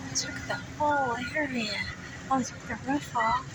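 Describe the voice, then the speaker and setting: A woman narrating her drive in hushed, shocked exclamations from inside a car. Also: high voice, normal speed, far from the mic. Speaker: vlogger. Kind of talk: driving commentary. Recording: clear road noise in car. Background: road and vehicle noise.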